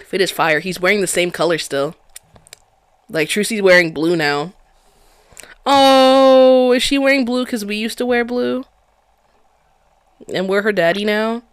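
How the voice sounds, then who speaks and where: A streamer giving crude, excitable live commentary on a game, chattering and laughing. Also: medium pitch, measured pace, pauses often, smooth, dry recording. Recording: game music underneath. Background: game music.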